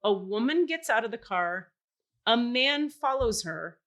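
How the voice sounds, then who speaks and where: A woman hosting a podcast, telling a story in casual chat, animated and swearing, acting out the voices of people she quotes. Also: a little high, a little slow. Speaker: podcast host.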